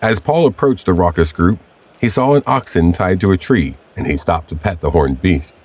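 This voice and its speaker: A man with a very low, husky voice narrates a scripted time-travel story. He reads in a steady, measured way, like a storybook read aloud.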